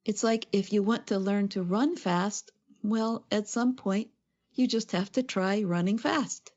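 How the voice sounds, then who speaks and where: Lady co-hosting an english lesson podcast, mellow warm voice, kinda dull sound. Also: mid-range voice, a little slow. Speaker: co-host. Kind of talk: scripted educational podcast.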